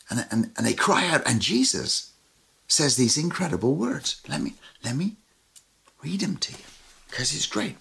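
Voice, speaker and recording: A male pastor preaching a sermon, telling the story with animated swings between loud and soft. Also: fairly high pitch, normal speed, vocal fry, breathy edge.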